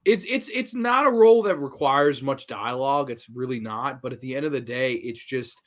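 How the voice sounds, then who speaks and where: A man's voice: mid-range voice, lively intonation, moderate pace, dull audio. A man hosting a casual horror movie review chat, enthusiastic and laughing as he retells scenes, swearing freely. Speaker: horror movie podcast host.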